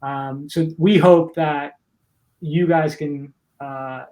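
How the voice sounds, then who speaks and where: A man's voice: a little high, steady tone, slow, a little mellow, rough recording. A man co-hosting a casual podcast chat, earnest and enthusiastic, rambling a bit. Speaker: podcast co-host.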